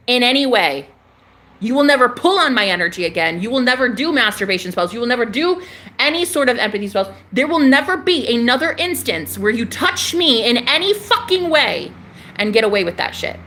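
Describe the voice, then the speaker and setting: A woman's voice: on the high side, pushed and bright. Fiery, emphatic woman vlogger. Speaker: spiritual vlogger. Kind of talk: casual vlog rant.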